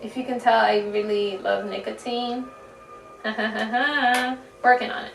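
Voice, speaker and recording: A young woman with a fairly high, gravelly voice gives a casual tarot reading, chatty and giggly, swearing lightly and drawing out words for emphasis. She speaks slowly in a steady tone, sitting a little back and far from the mic in an echoey room at home. Faint music plays behind her.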